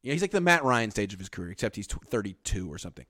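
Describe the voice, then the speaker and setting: A man's voice: fairly low pitch, big pitch swings, racing, bright, forceful tone, no echo, studio quality. A man hosting a casual sports talk show, blunt and sarcastic, reading viewer comments aloud. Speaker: podcast host.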